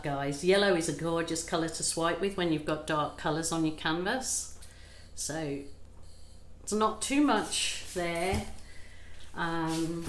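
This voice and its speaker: A middle-aged woman hosts her own craft channel, talking slowly and chattily with a slightly low voice. She pokes fun at herself as she narrates a paint pour. The room sounds echoey, with a faint hum of ambient noise behind her. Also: a bit bright. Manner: chatty and self-deprecating, thinks aloud. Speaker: acrylic pour artist and channel host. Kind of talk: casual how-to chat while painting.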